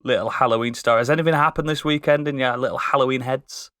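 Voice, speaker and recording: A man's voice: medium pitch, fast, pushed and bright, no echo, studio quality. A man hosting a podcast, playful and theatrical as he introduces his co-hosts. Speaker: podcast host. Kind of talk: casual podcast chat.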